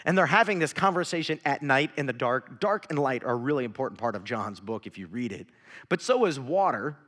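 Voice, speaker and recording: A man preaching a sermon as a pastor, swinging from shouting to hushed whispers. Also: medium pitch, lively intonation, fairly quick. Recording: reverberant hall.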